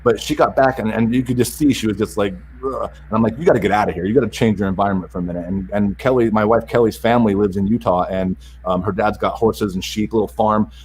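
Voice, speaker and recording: A middle-aged man telling a family story in a casual interview, animated and acting out the other voices in it. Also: on the low side, fast talker, few pauses, slight background noise, low-quality recording. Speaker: podcast guest.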